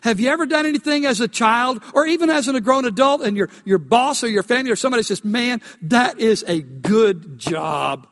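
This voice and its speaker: A man preaching in a church with a very high voice. He asks the congregation questions and builds to emphatic peaks. His words ring out with a long hall reverb. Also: fast, few pauses, a bit bright. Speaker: pastor. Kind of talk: sermon. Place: church sanctuary.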